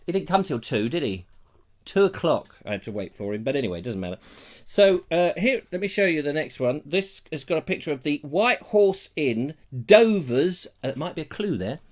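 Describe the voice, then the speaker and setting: A man's voice: on the high side, expressive, a little fast. A man from England hosting a live stream, chatting in a jokey, rambling, theatrical way on a lapel mic. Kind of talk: casual live chat.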